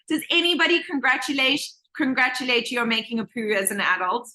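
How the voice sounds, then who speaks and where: A woman teaching a manifestation course to a group on a video call, lively and acting out voices as she talks. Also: high voice, normal speed, few pauses. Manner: animated, acts out quoted voices. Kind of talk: live online group session.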